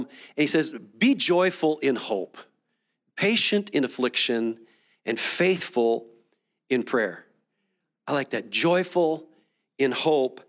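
Casting note: male pastor with a high voice, conversational sermon delivery, frequent restarts. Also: fairly bright tone. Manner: conversational preaching with many restarts. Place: church sanctuary.

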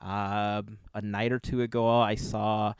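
A man's voice: on the low side, level tone, unhurried, smooth, dry recording. A man co-hosting a podcast in casual chat, rambling a little and laughing often, a bit under the weather. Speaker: podcast co-host.

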